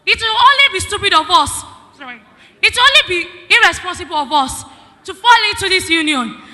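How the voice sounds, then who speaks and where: A teenage girl with a Nigerian accent delivers a formal debate speech in a very high, sharply bright voice. She presses her points with emphatic rhetorical questions. The sound carries a long hall reverb. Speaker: student debater.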